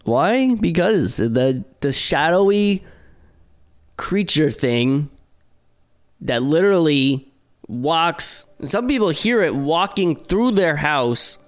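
A man's voice: on the high side, animated, takes it slowly, long pauses, soft background music. A man co-hosting a podcast, explaining things in a laid-back, casual way. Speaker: podcast co-host. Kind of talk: casual chat.

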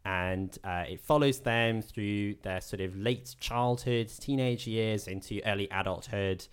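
A man with a low voice chats casually about films as a podcast co-host. His tone is smooth and resonant, and he riffs and jokes constantly, swearing now and then. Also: unhurried. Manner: jokey, riffing, with frequent laughter. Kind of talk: casual film-review chat.

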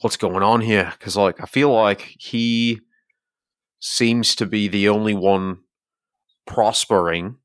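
A man's voice: fairly low pitch, steady tone, slow, clear, resonant tone, no echo, studio quality. A man playing his character in a tabletop game, blunt and wry. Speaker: player.

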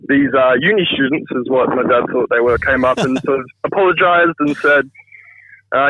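A man's voice: medium pitch, normal speed, slight background noise. A man in his thirties calling in by phone, telling a funny family story in a chatty, self-deprecating way. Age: 30s. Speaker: caller telling a viral story. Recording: tinny phone line, dry.

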